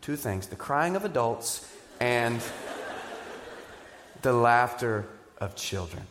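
A man preaching a sermon, animated and joking, asking the crowd questions. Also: medium pitch, takes it slowly, noisy background. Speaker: pastor. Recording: live church sermon with hall reverb.

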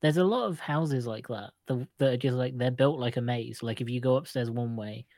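A woman's voice: very deep voice, fairly quick, darkish tone, no echo. Woman, podcast co-host, casual rambling chat, laughs a lot, dry close recording. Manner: giggly, rambling, laughs often.

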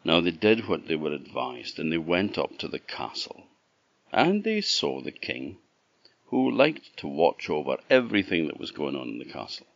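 A man's voice: very deep voice, huge pitch swings, moderate pace, gravelly, highs cut off. A man from Orkney with a Scottish accent telling a folk tale in a chatty way, with asides to the listener. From Orkney, Scotland. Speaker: storyteller.

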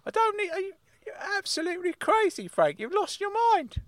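A man voicing an excitable, easily irked uncle, scolding indignantly in a comedy podcast bit. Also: very high-pitched, fairly quick, no room sound, voice pushed up, heavily acted. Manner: indignant, scolding, calls the other mad.

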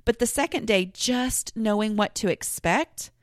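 A woman's voice: on the high side, measured pace, no room sound, clean studio sound. Chatty woman podcaster. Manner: chatty, rambling, frequent fillers and restarts. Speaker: podcast host. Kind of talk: casual solo podcast talk.

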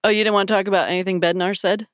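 A woman co-hosting a podcast in casual chat, wry and quick to laugh. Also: mid-range voice, steady tone, no echo, clean studio sound. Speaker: podcast co-host.

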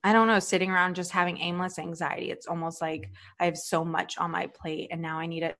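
A woman in her thirties with a somewhat low voice, co-hosting a podcast. She tells stories with energy, swears casually, and slips into quick voices for the people she quotes. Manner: animated storytelling, swearing, quoting herself in put-on voices. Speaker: podcast co-host, stand-up comedian. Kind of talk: casual chat.

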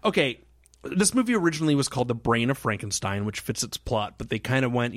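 A man co-hosts a casual podcast, winding through a long anecdote and laughing as he goes. His pitch swoops and jumps as he acts out other people's lines. The close mic gives a dry, intimate sound. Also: animated, fast, dry recording. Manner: rambling storyteller, laughs often, acts out quotes. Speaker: podcast co-host.

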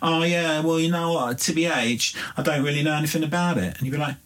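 A middle-aged man hosting a podcast in casual chat, animated and swearing freely with mock-outraged asides, recorded in a small studio. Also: on the high side, quick pace. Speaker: podcast host.

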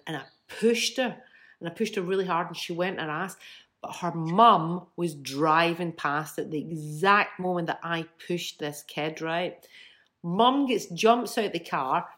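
A woman in her fifties, a musician telling stories from childhood in a chatty, animated way with bursts of laughter. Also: fairly low pitch. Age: 50s. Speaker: guest, musician. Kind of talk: casual storytelling.

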